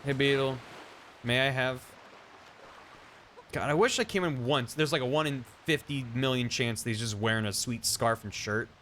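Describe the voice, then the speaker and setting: A man's voice: mid-range voice, normal speed, a bit bright, a little hiss or hum. A man streaming a video game, rambling and joking about what happens on screen. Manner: rambling and jokey, riffing on the game. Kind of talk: casual gameplay commentary.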